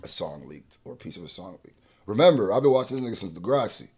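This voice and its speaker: A man giving casual, animated reaction commentary, talking back to the track. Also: fairly low pitch, fast, husky. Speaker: reaction streamer.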